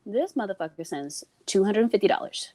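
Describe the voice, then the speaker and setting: A woman's voice: medium pitch, fairly quick. A woman guest in casual podcast chat, telling a story and acting out the voices of the people in it. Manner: animated, acts out quoted voices.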